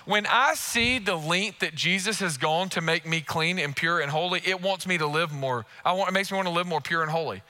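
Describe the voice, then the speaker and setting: A man's voice: a little high, fairly quick, few pauses, pushed and bright. A man preaching a sermon as pastor, impassioned and emphatic, repeating key phrases and acting out quoted prayers and thoughts.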